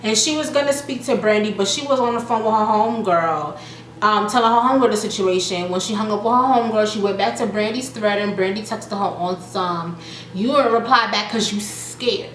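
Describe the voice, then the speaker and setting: A young adult woman casually recapping a reality show, chatty and animated, acting out the quotes with laughter. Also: mid-range voice, brisk. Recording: echoey room with faint noise.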